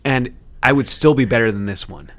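A man's voice: medium pitch, animated, brisk. A man co-hosting a podcast in casual crude banter, blunt, emphatic and profane. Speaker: podcast co-host.

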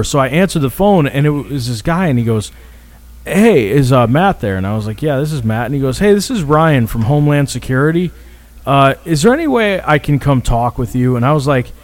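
A man's voice: mid-range voice, darkish tone, dry recording. A man telling a long story in casual chat, rambling, restarting sentences and swearing freely.

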